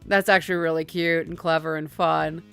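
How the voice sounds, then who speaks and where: A woman's voice: low voice, little pitch movement, moderate pace, vocal fry, a bit bright, smooth. A woman hosting a game let's play, chatting casually with profane, giggly, rambling asides. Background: game music.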